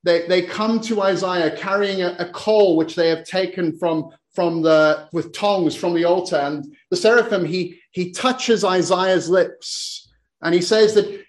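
A man's voice: high-pitched, steady tone, a little slow, echoey room. A man preaching a sermon, retelling a scripture story and often repeating words as he goes. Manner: repeats words while speaking, dramatic quoted lines.

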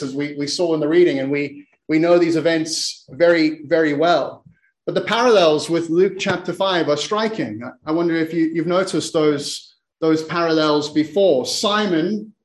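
A man's voice: on the high side, echoey room. A man preaching a sermon, retelling a scripture story and often repeating words as he goes. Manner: repeats words while speaking, dramatic quoted lines.

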